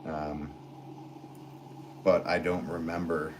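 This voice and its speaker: Low-voiced American man chatting on a livestream. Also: slow pace, a little hiss or hum, poor audio. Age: 40s. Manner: rambling, relaxed, filler-heavy talk with laughs. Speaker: potter streaming live. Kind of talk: casual livestream chat reading comments.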